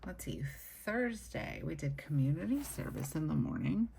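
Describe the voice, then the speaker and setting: A woman's voice: deep voice, big pitch swings, moderate pace, gravelly, dark tone, a little hiss or hum. A woman chatting casually to camera while she sets up her weekly planner, rambling and upbeat. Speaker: planner vlogger. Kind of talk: casual plan-with-me chat. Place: home desk. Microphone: camera set low on the desk.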